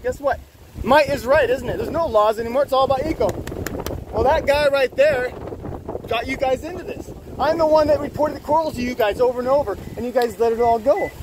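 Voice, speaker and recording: A man with a very high-pitched voice, talking fairly quickly over background noise, confronts officials outdoors at a harbor. A boat owner, he is angry, accusatory, and profane in this filmed, heated confrontation.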